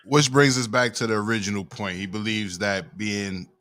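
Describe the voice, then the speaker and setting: A man's voice: lowish voice, steady tone, normal speed, a bit bright. A male host in a casual chat show, talking in laid-back slang and reading viewer comments aloud.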